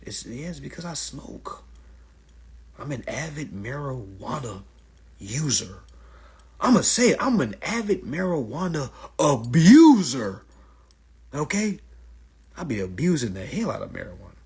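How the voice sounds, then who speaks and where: A man ranting casually and profanely on a phone livestream, animated and loud. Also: mid-range voice, moderate pace, long pauses, slightly rough. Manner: animated, profane, mimics others' voices. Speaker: livestream host.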